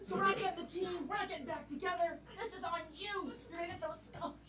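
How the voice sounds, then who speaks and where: A woman's voice: very high voice, fast talker. Emotional football coach, played by a woman, rambling pep talks, roomy live stage sound. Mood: earnest. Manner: rambling, choked-up pep talk. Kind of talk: live improv scene. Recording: echoey stage sound from a distant mic.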